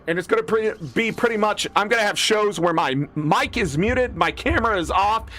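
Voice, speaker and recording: A man's voice: high voice, pushed and bright. A man in his thirties streaming a game, ranting casually with profanity and switching into mock voices. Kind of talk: casual gaming rant.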